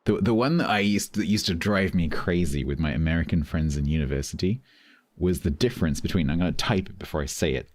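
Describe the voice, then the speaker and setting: Middle-aged British streamer, low deep voice, dry close mic, chatty and amused. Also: male voice, fast talker, a little mellow, no room sound. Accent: British English. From Britain. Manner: chatty, amused, reads out chat thanks. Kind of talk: casual live-stream chat.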